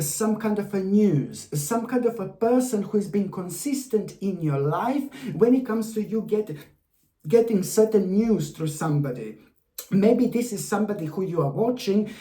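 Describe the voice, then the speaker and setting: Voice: mid-range voice, mellow. Effusive tarot reader in a roomy space. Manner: effusive, repetitive, addresses the viewer fondly. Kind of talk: weekly horoscope tarot reading to camera. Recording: roomy echo.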